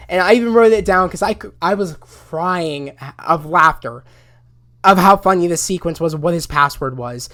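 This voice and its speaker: A man recapping a TV episode in a casual, rambling way, full of "you know" fillers and bursts of loud excitement. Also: high-pitched, moderate pace, no echo, clean studio sound. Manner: rambling, heavy on fillers, gets loud and excited retelling scenes. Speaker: show recap reviewer.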